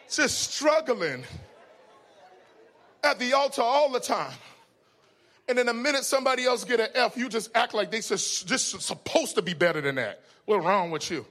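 A man preaching a humorous, storytelling sermon. He is folksy and conversational, laughs often, and swings from shouts to hushed asides. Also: very high-pitched, expressive, unhurried, pauses often, a faint crowd.

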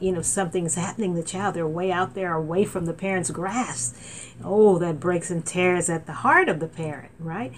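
A middle-aged woman preaching from a laptop setup, her voice pitched a little low for a woman. She talks loosely with fillers and restarts, then rises into excited outbursts. A faint hiss of noise sits behind her. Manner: animated preaching with many fillers and restarts, rising to exclaim. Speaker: minister. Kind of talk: sermon.

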